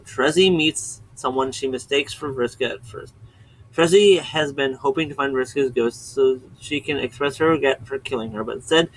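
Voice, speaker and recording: A man's voice: medium pitch, fairly bright tone, slight background noise, poor audio. A man hosting his own video channel, giving a casual, rambling recap and often stopping to correct himself. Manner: chatty, digressive, often stops to correct himself. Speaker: video host summarizing a webcomic.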